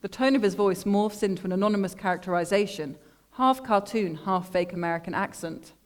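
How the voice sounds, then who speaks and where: A woman artist reading her own literary text aloud to an audience in a measured, deadpan way, speaking into a microphone. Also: mid-range voice. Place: lecture room at an art school.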